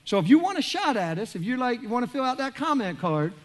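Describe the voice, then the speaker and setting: A man, a pastor giving a joking, animated sermon in a large church. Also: very high-pitched, fast. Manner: animated, joking, acts out quoted voices.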